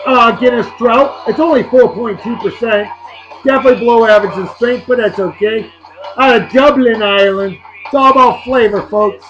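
A man's voice: sits high, lively intonation, normal speed, dull audio, music in the background. A man, hosting a casual beer-review vlog in a boisterous, joking, rambling way. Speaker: host.

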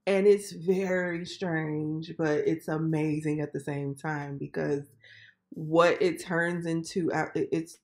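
A woman's voice: sits low, fairly even intonation, takes it slowly, darkish tone. A woman hosting a reaction video, chatty and exclaiming as she comments.

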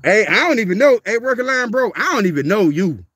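A man's voice: high-pitched, big pitch swings, fairly quick, fairly bright tone, slightly rough, dry recording. A man, a dog breeder ranting on a livestream in a profane, confrontational way, repeating himself as he calls out a viewer. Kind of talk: livestream rant.

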